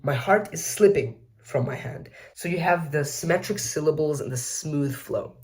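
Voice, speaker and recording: A man's voice: a little high, lively intonation, normal speed, darkish tone. A man giving a casual educational explainer, with chatty, self-mocking asides and frequent mid-sentence corrections. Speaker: video essay host.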